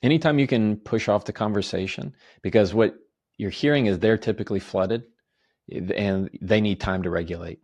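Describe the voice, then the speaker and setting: Calm gravelly-voiced man explaining advice. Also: on the low side. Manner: calm, measured, lists steps and gives example phrases. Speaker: guest, attorney and communication author. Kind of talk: podcast interview, explaining advice.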